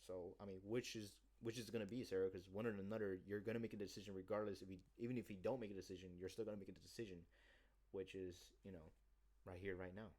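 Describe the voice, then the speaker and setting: Rambling, cocky man with a lowish voice. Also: fairly even intonation, quick pace, warm tone. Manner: rambling, cocky, profane, acting out sales pitches. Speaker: sales job seeker. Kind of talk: casual vlog monologue.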